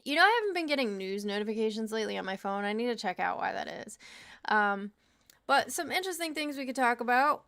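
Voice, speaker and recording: A woman's voice: a little high, very animated, fast talker, vocal fry, a bit bright, no room sound, studio quality. Tired, chatty young woman livestreaming. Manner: chatty, laughing, swears casually. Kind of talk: casual livestream chat.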